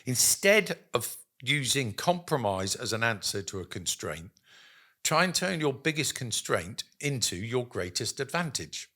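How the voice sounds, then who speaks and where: A man chatting as a guest about business, telling lively stories. He acts out the voices of people he quotes and fills his pauses with ums and uhs. His voice sits at a medium pitch. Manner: animated storyteller, acts out quotes, many ums. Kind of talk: casual business chat.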